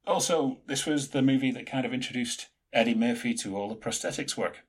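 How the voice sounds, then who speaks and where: A man co-hosting a podcast, chatting casually in an animated, rambling way with plenty of fillers. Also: medium pitch, brisk, breathy edge. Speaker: podcast co-host. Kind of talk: casual chat.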